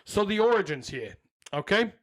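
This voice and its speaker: A man's voice: high voice, big pitch swings, moderate pace. A young man hosting a casual comedy podcast, reading his notes aloud and riffing on them with frequent laughter. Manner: jokey, laughs often, reads notes then riffs. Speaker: podcast host.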